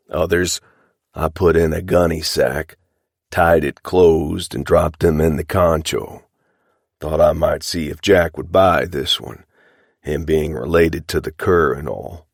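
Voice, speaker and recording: A man reading the part of a surly middle-aged cattle rustler, sullen and evasive, in a rough frontier drawl. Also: a bass voice, fairly even intonation, unhurried, no room sound, clean studio sound, exaggerated voice. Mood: bitter.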